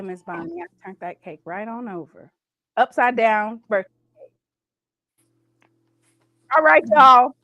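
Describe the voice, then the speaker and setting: A woman with a slightly high, somewhat bright voice hosts a casual livestream chat in a dry recording. She's chatty and playful, reading viewer comments aloud.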